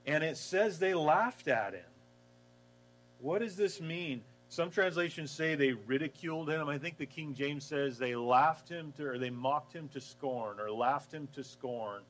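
A man preaching a casual, lively sermon, acting out the story and laughing along. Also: on the high side, unhurried, low-quality recording. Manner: animated storytelling, acts out voices, laughs. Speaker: pastor.

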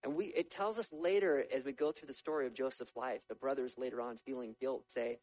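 A man preaching a sermon as a lively storyteller, with humorous asides. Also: medium pitch, fairly quick, low-quality recording. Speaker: pastor.

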